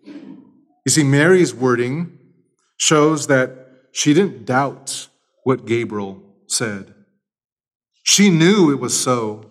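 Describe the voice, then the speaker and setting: A man preaching an expository sermon, speaking emphatically, swinging between loud and quiet, and repeating key phrases. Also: a little high. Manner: emphatic preaching with lively shifts in loudness. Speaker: pastor.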